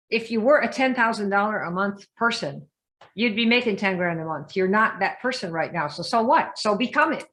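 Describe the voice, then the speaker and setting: A woman coaching a group in a lively live session, often asking her listeners questions and acting out the voices she quotes. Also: medium pitch. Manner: emphatic, asks the audience questions, acts out quoted voices. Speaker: business coach.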